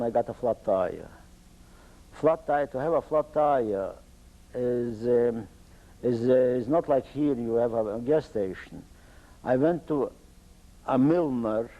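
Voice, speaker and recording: An older man with an Eastern Polish accent gives oral history testimony in slow, halting English. He is a native Polish speaker who searches for words and restarts his sentences. His voice sits mid-pitch with a dark, mellow tone. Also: rough recording. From Poland. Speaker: interviewee.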